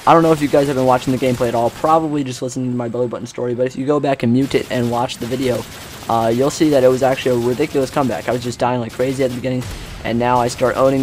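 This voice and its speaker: A man's voice: medium pitch, slight background noise. A teenage boy telling a long story while commenting on gameplay, rambling with lots of fillers. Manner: rambling, filler-heavy, acts out quotes. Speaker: gaming commentator. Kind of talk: casual storytelling over gameplay.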